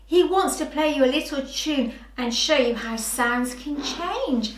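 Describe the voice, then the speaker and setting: Female early years teacher, preschool phonics, very expressive and slow-paced, echoey room. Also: high voice. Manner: slow, sing-song and animated, talking to small children.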